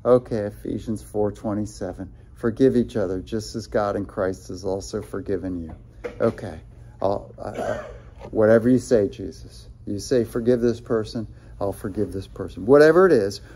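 A man's voice: on the low side, moderate pace, warm tone. A male pastor preaching a sermon in a conversational way, with many fillers and restarts, quoting scripture as he goes.

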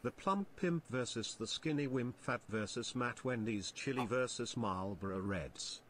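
A man's voice: mid-range voice, unhurried, a little hiss or hum. Synthetic male text-to-speech voice. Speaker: text-to-speech donation reader. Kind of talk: synthetic read-out of viewer messages.

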